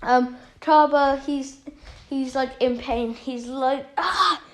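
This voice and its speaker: Woman retelling a fan story, lots of um and uh, slow, highish voice. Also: flat delivery, darkish tone, poor audio. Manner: rambling, many fillers.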